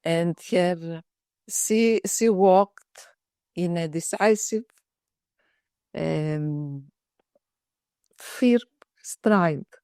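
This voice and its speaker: Slow, measured woman psychiatrist telling a case. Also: on the low side, warm tone, clean tone, no room sound, clean studio sound. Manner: slow, measured storytelling with frequent restarts. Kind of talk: case presentation in a webinar. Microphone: video call.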